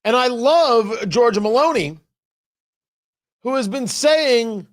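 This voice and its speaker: Animated high-voiced male radio host. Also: takes it slowly. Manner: animated, emphatic, mocking impressions. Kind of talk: talk radio commentary.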